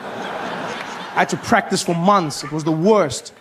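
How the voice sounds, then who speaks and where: A male stand-up comedian tells his story with plenty of animation and bursts into sudden shouts. His voice sits high for a man. A faint hiss lies underneath. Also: slow pace.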